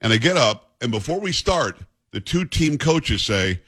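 A man's voice: medium pitch, very animated, normal speed, a bit bright, breathy edge. A male radio talk show host in blunt, joking, opinionated banter with a co-host. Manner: blunt, joking, self-mocking.

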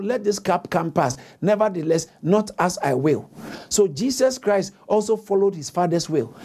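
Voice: mid-range voice, mellow. A preacher delivering a sermon, reading scripture aloud, repeating key phrases for emphasis and calling on the congregation to answer. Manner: reads scripture aloud with frequent self-corrections.

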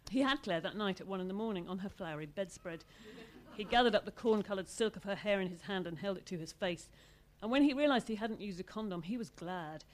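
A woman author reading aloud from her own novel in a measured, expressive way. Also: mid-range voice.

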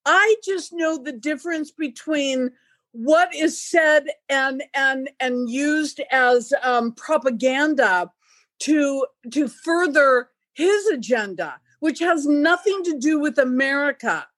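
A woman's voice: sits high, expressive, slow pace, fairly bright tone, dry recording. A woman in a casual video-call chat, speaking in an earnest, emphatic way.

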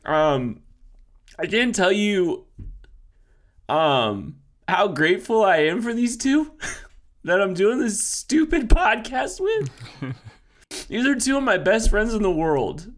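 A man co-hosting a podcast, crying as he speaks haltingly, full of fillers and teary laughs. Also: high-pitched, very animated. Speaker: podcast co-host. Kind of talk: emotional podcast farewell.

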